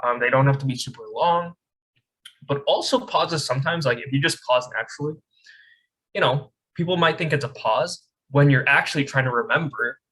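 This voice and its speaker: A man's voice: mid-range voice, a little fast, pushed and bright, poor audio. A young man teaching a public speaking class over a video call, casual and chatty, often checking in with "right?". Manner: casual, frequent "right?" check-ins and fillers. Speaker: speech coach. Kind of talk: online class lecture.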